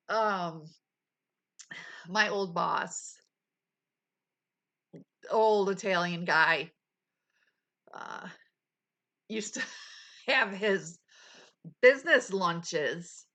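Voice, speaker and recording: Bright, slow-talking woman streamer. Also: lowish voice. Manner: chatty, laughing, exclamatory. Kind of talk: casual chat with live chat.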